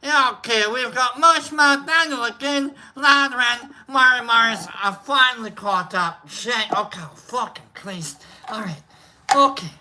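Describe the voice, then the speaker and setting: A man's voice: very high voice, a little slow, bright, forceful tone. A man hosting a casual livestream chat in a put-on drunk Scottish accent, rambling and swearing with cackling laughs. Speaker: livestream host.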